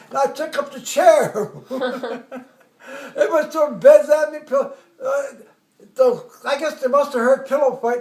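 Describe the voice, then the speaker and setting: A man in his eighties tells an old army story in a strikingly high voice, rambling and laughing as he acts out the other people's lines. The sound bounces around an echoey room. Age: 80s. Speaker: army veteran telling war stories. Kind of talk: casual storytelling at home.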